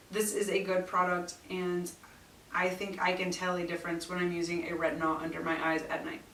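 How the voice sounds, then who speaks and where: A woman's voice: medium pitch, a bit bright, reverberant, distant mic, slight background noise, rough recording. A middle-aged woman chatting casually through product reviews in a blunt way, with exasperated asides. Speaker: beauty vlogger.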